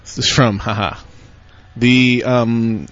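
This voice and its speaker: A man's voice: mid-range voice, fairly even intonation, slow, fairly bright tone. A man co-hosting a casual podcast, reading listener emails in a playful, teasing way. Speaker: podcast co-host. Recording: dull lo-fi podcast audio.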